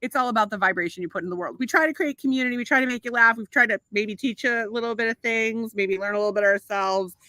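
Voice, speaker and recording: A woman's voice: fairly high pitch, fast, few pauses, bright, forceful tone, no echo. A middle-aged woman co-hosting a casual podcast, telling bawdy stories with lots of laughing and swearing. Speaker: podcast co-host. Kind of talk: casual chat.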